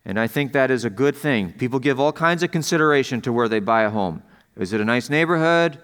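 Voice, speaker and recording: Here a pastor moves quickly through his sermon, his medium-pitched voice clean and a bit bright. He keeps it conversational, regularly engaging the congregation with questions and raising his voice to drive points home.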